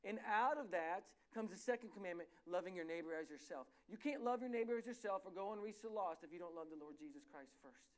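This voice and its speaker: A pastor preaching a sermon in a church, telling stories animatedly and often correcting himself mid-sentence. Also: male voice, high voice, fast, hardly any pauses. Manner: animated, self-correcting storyteller.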